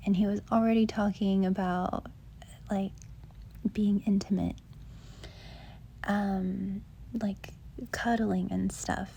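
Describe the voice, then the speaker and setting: A young woman gives dating advice in a soft whisper, drifting along at an unhurried pace. Her voice is mellow and breathy, with a gravelly edge running through it. She rambles gently, leaning on filler words as she works through her thoughts. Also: medium pitch.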